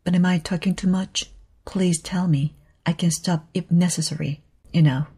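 A woman voicing an eager, imaginative little orphan girl who talks dramatically, in a husky voice. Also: lowish voice, fairly even intonation, moderate pace, dark tone. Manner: eager, dramatic, tearful pleading.

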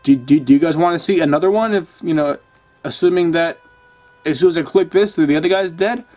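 A man's voice: on the high side, brisk, darkish tone. A young man doing casual commentary over a video game, swearing often and ranting in exasperation. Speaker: let's play gamer.

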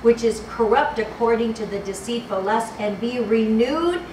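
Lady preacher going hard on a sermon, highish voice, far from the mic in a noisy echoey hall. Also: normal speed. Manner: fervent, repeats phrases, fumbles for verses. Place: church hall. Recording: echoey hall, distant mic, background noise.

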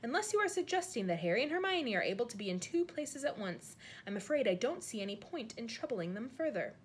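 Woman doing a calm old headmaster. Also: on the high side, brisk, slight background noise. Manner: quiet, calm. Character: calm old male headmaster, gentle and wise.

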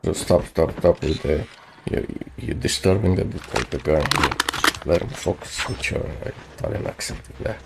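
Man, very low voice, gravelly, gaming voice chat, teasing, shouted callouts. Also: moderate pace, background noise. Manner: loud, teasing, calls out directions. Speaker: mobile shooter game streamer. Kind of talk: excited team voice chat during gameplay.

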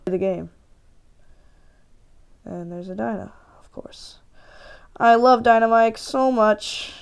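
A woman hosting a gaming channel and giving live, excitable commentary while she plays, often ranting and shouting in frustration. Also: mid-range voice, slow, creaky, pauses often, smooth.

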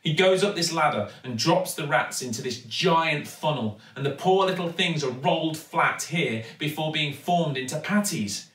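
A man's voice: fairly high pitch, animated, normal speed, a bit bright, far from the mic, voice pushed up. A man voicing an eager young girl. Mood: insistent. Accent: English. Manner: eager and urgent. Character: brave determined young girl. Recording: echoey room, voice from off-mic.

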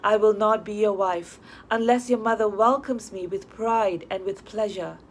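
A woman voicing a calm, proud young woman who speaks in a demure, composed way in an audiobook. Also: medium pitch, normal speed, breathy edge, lightly acted. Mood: sorrowful firm.

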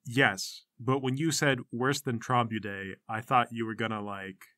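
A man's voice: mid-range voice, steady tone, unhurried, bright, forceful tone, dry recording, studio quality. A man voicing a wary, uneasy teenage girl who stammers and hesitates while trying to get out of a bad spot in a tabletop game. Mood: hesitant.

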